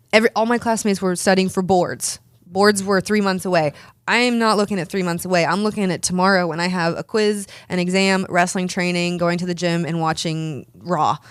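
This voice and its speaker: A woman's voice: lowish voice, dry recording. A woman in her thirties telling stories in a casual interview, chatty, often restarting and repeating words. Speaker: interview guest, pro wrestler and dentist.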